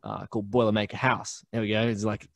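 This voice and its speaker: A man's voice: fairly low pitch, flat delivery, fast, creaky, fairly bright tone, no room sound. Chatty Australian man, dry close sound. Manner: chatty storyteller with many fillers and restarts. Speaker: podcast network founder, guest. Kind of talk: casual interview chat. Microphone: remote call recording.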